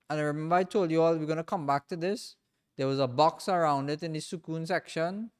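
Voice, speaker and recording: A man teaching a reading class in a mosque, patiently repeating and drilling each sound slowly for his students. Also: high voice, clear, resonant tone. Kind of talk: classroom lesson.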